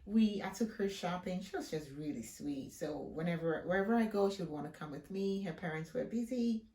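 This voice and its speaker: A woman's voice: lowish voice, a little fast. A woman from Africa talking casually on her vlog, telling a story with emphatic delivery and then walking through a hair-care routine. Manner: emphatic, expressive storyteller who acts out quoted voices. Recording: roomy echo.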